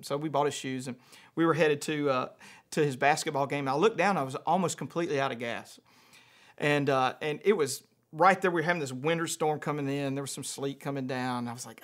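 A man from Louisiana with a Louisiana accent, a pastor preaching a sermon, telling a personal story in an animated way and then praying. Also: fairly high pitch, a little fast. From Louisiana, USA. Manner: animated storyteller, acts out voices, chuckles.

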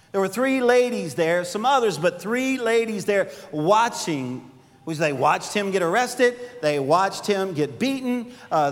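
A middle-aged male pastor preaching a sermon, swinging between loud emphasis and hushed, intimate asides. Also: high-pitched. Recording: long hall reverb.

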